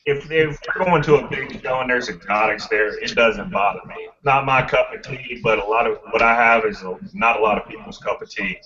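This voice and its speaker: A man's voice: mid-range voice, a bit bright, far from the mic, lo-fi sound. A man taking part in a casual roundtable talk as a guest, speaking in an easygoing, hedging way with many fillers.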